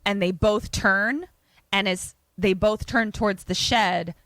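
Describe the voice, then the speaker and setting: A woman co-hosting a podcast, retelling a film with animated energy, fillers and casual swearing. Her voice sits at a middle pitch, recorded close and dry. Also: slow pace, dry recording. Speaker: podcast co-host.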